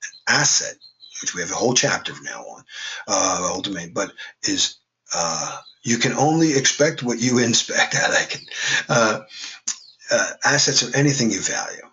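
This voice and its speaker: A man's voice: on the low side, moderate pace, bright, forceful tone, a little hiss or hum. Man lecturing a class, dull lo-fi sound. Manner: conversational, joking asides. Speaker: instructor.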